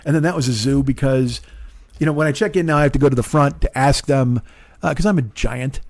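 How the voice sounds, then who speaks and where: A man in his forties, a comedian and podcast host, telling a profane, exasperated story monologue that swings into loud rants. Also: medium pitch, a little fast, no echo. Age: 40s.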